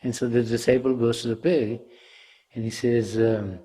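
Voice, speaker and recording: A man giving a spiritual talk, telling a parable in a loose, conversational way. His voice is mellow and soft-edged, with a husky grain. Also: mid-range voice, little pitch movement, normal speed. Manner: conversational storytelling, many "you know"s. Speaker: spiritual teacher.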